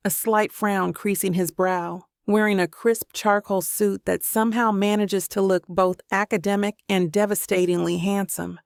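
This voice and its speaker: A woman narrating a first-person romance audiobook in an expressive storytelling manner on a close mic. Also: mid-range voice, vocal fry, smooth, no echo.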